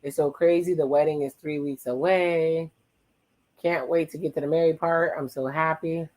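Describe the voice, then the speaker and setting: A playful watch-along host chatting over a reality dating show, retelling what each person says and tossing in teasing side remarks. The delivery is loose and conversational, jumping between flat recaps and sudden louder jokes. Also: medium pitch, rough recording. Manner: playful, teasing, recaps dialogue in quick asides. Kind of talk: casual reality-show commentary.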